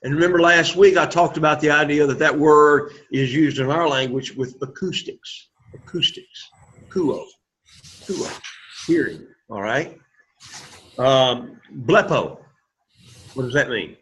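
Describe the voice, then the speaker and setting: A man's voice: fairly high pitch, unhurried, a bit bright. A man teaching an introductory Greek class, encouraging students and having them repeat words aloud. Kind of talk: classroom lecture. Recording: lo-fi classroom recording.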